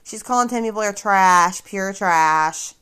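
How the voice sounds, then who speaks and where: A woman's voice: mid-range voice, slow, pushed and bright, clean tone. A woman hosting a casual livestream, talking straight to her viewers in a sarcastic, mocking way. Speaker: livestream host.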